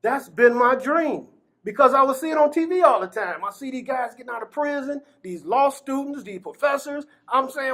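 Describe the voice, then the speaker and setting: A man's voice: very high-pitched, lively intonation, normal speed, a bit bright. A man from Gary, Indiana, giving personal testimony in an interview, acting out the dialogue he quotes and laughing between phrases. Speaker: exoneree telling his story.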